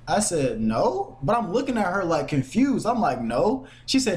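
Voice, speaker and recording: A young man telling a story casually, animated and slangy, acting out the voices of the people in it and cursing often. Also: high-pitched, moderate pace. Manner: animated, acts out quotes with shifting voices. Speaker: podcast host telling a story.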